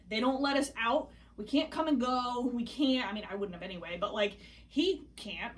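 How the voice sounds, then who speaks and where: A young pregnant woman telling a story in a casual vlog, chatty and animated, laughing often and hiccuping now and then. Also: on the high side, far from the mic. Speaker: vlogger.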